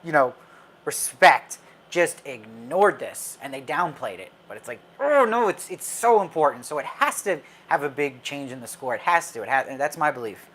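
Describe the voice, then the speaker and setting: A man's voice: fairly high pitch, very animated, moderate pace, fairly bright tone. A man hosting a live stream as a film commentator, talking casually with viewers and answering their comments in a chatty, opinionated way with frequent fillers and restarts.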